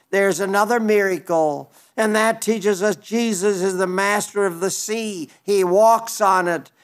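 A man's voice: high-pitched, fairly bright tone. A man, a pastor, preaching a sermon, reading scripture aloud and explaining it in an earnest way with frequent restarts.

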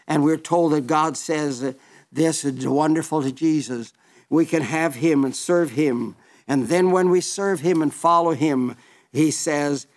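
An old man in his eighties preaching with fervor, his voice sitting a little high for a man. He tells the story with many repeated phrases. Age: 80s. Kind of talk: sermon.

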